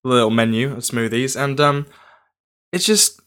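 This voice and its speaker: A man's voice: mid-range voice, expressive, unhurried, a bit bright, clear, resonant tone. A man, co-hosting a casual chat, hesitant and often repeating his words.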